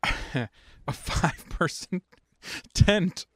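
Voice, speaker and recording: A man co-hosting a casual podcast, joking around and laughing through his stories. His voice sits a little high and swings widely in pitch. The sound is dry and close. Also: lively intonation, very slow, no room sound. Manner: joking, goofy, laughs often. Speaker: podcast co-host. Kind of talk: casual chat.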